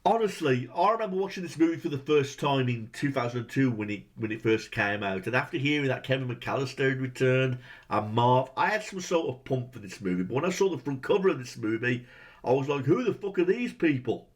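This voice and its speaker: A man's voice: mid-range voice, lively intonation, a little fast. A man ranting through a movie review, exasperated and swearing heavily, firing off rhetorical questions.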